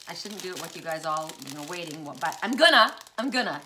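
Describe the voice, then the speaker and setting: Gushing, excitable woman vlogger. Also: fairly low pitch, a little fast, slight background noise. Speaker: spiritual vlogger unboxing gifts. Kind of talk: casual unboxing vlog.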